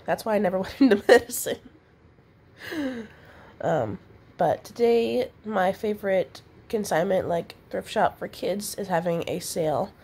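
A woman's voice: mid-range voice, unhurried, a little mellow. A young woman from California vlogging at home, chatty and self-deprecating, with a slightly stuffy nose. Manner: chatty, rambling, self-deprecating, laughs at herself. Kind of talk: casual vlog chat to camera.

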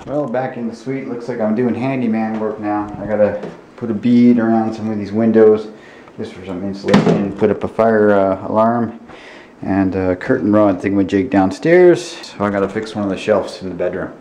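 A man with a low voice vlogging outdoors on a rural property with horses. He talks bluntly and casually, grumbling and swearing as he goes. There is a steady noisy hiss under the recording. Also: moderate pace. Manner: high sing-song baby talk to a dog. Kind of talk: casual vlog chat.

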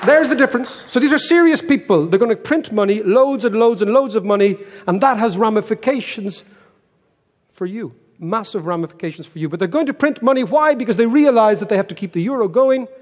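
A man's voice: sits high, a little fast, some chatter behind. Wry Irish man in an echoey hall. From Ireland. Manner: storytelling, wry and animated, self-mocking. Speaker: keynote speaker. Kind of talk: humorous keynote talk. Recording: echoey hall with long reverb.

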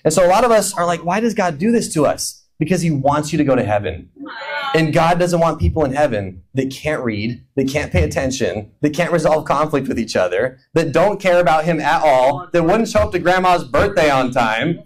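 A man's voice: fairly high pitch, expressive, fairly quick, poor audio. A man preaching a humorous sermon, acting out imagined prayers and conversations in playful voices. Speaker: pastor. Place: church hall.

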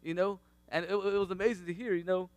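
A man, around his thirties, sharing a faith testimony about his family in a casual, animated way, laughing often and acting out what people said. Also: sits high, quick pace, clear, resonant tone, dry recording.

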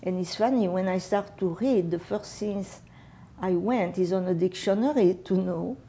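A woman in her eighties with a French and Catalan accent, a native Catalan speaker, recalling her wartime childhood for an interviewer in unhurried, halting English. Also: lowish voice, warm tone, slight background noise. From France. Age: 80s. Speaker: veteran oral history interviewee. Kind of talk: personal war memories told to an interviewer.

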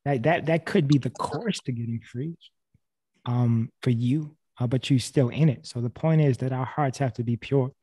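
A man's voice: mid-range voice, normal speed, warm tone, husky. A man preaching casually and earnestly on a video call, repeating key phrases, with frequent restarts. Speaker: speaker sharing a faith testimony on a video call.

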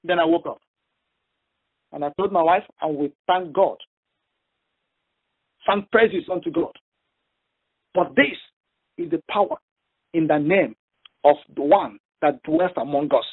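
A man preaching a sermon on a phone prayer line, telling a story with halting repeats and emphatic stress. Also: a little high, lively intonation, breathy edge, phone-quality sound.

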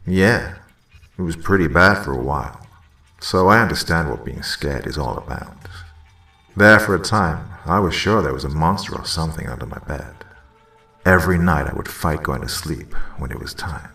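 Man doing a calm reassuring dad. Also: a bass voice, moderate pace, vocal fry, roomy sound, far from the mic, full character voice. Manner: gentle, soothing. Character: calm reassuring young father.

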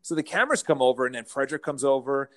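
A man, a real estate firm founder, telling animated anecdotes as a guest in a casual interview. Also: mid-range voice, rapid-fire. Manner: animated anecdotes, playful mimicking of others.

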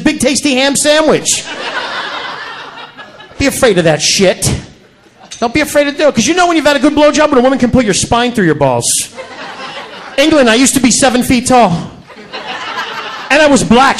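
A male stand-up comedian doing a crude, profane club routine on stage, yelling his punchlines into a handheld mic. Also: high voice, slight background noise.

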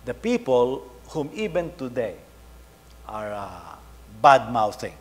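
A middle-aged man, preaching a sermon, telling a story and swinging between loud emphasis and soft asides. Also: medium pitch, sing-song, takes it slowly. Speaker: pastor. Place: church hall. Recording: faint hum, long hall reverb.

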